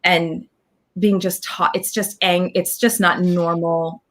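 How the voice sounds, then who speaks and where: A woman guest talking in an animated, casual interview, scatting rhythms and acting out what others said. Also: lowish voice, takes it slowly. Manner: animated, scats dance counts, acts out quotes. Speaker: guest performer.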